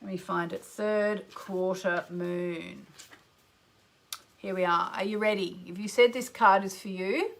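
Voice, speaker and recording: A woman's voice: mid-range voice, fairly even intonation, measured pace, gravelly, a little hiss or hum. Chatty middle-aged Australian woman astrologer. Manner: chatty and enthusiastic, greets listeners by name. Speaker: astrologer hosting a live radio show. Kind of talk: live show chat with oracle card readings.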